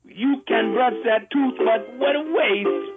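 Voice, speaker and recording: A man putting on the voice of a jazz singer, crooning an ad jingle slowly, over a tinny line. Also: very high-pitched, creaky, over loud music, pitched above the performer's own voice, exaggerated voice. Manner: slow crooning delivery. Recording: tinny phone-like radio sound.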